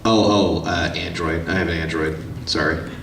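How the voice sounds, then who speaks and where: A man's voice: low voice, steady tone, moderate pace, creaky, background noise. A man answering audience questions at a convention panel, telling irreverent, joking stories in a casual way. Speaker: voice actor, panel guest. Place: convention hall. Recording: echoey hall from far off, crowd.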